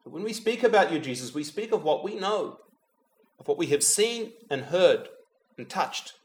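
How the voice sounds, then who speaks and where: With lively intonation and a voice a touch high for a man, a preacher leads a measured, unhurried meditative homily, praying as he reflects. Each mention of the holy name sinks to a near-whisper as he addresses Jesus directly, and a dry joke sometimes slips through.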